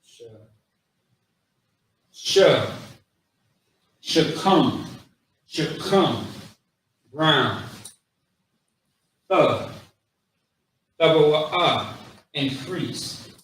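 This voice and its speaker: A man teaching a language class, slowly drilling words one by one with casual asides. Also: a little high, lively intonation, a bit bright, a little hiss or hum. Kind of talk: classroom lesson. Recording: very echoey room, voice from far off.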